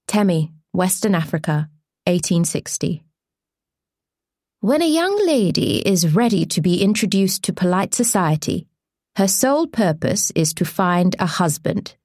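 A woman reading an audiobook in measured, deliberate scripted narration. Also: lowish voice, darkish tone, no room sound, clean studio sound.

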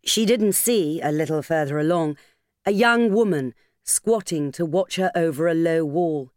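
A woman reading an audiobook in a measured, expressive narration, recorded on a studio microphone. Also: low voice, no room sound. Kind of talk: scripted narration.

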